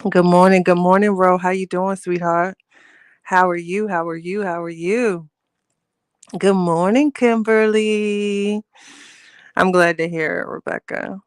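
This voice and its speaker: A woman's voice: lowish voice, clean tone, no room sound. A chatty middle-aged woman, hosting a casual live stream and greeting viewers with pet names. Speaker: livestream host greeting chat.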